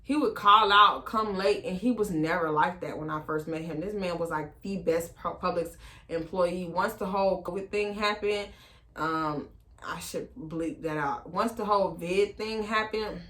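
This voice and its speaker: A woman tells a personal storytime in a casual, slangy way, full of fillers. Her voice is bright and forceful and sits a bit low. She jumps up high when she acts out what others said. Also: normal speed. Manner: animated, acts out quoted voices with big pitch jumps. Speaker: storytime vlogger.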